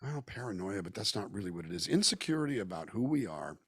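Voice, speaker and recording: This guest, a musician and actor from Southern California, talks fast in a lowish voice with big pitch swings, a breathy edge and a bit of brightness. The recording is dry and studio-clean, from a casual interview over a video call where he speaks at length and thoughtfully. He's reflective, talkative and acts out quoted voices.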